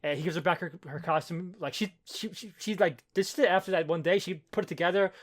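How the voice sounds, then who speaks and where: A man's voice: high voice, fast. A man co-hosting a podcast, recapping a comic in a rambling, swearing way with many fillers and restarts. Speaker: podcast co-host. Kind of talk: casual chat recapping a comic.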